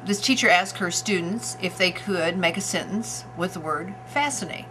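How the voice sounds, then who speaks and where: A woman telling a classroom joke in a plain, brisk way. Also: fairly low pitch, noisy background.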